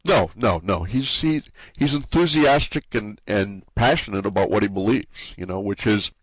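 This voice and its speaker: A man with a New England accent and a lowish voice is interviewed casually about the forum he runs and its community. His speech is halting, full of restarts and repeated words, and there's no echo on the recording.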